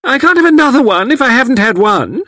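Male narrator voicing a tiny stubborn old woman, shrill and loud; audiobook figure. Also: very animated, fast, no echo, studio quality, exaggerated voice. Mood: querulous. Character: frail elderly woman demanding cocoa, shrill, stubborn.

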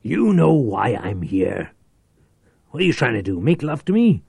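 A man voicing a desperate, violent man on the edge who shouts frantically. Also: medium pitch, sing-song, unhurried, gravelly, husky, no echo, full character voice. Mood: raging.

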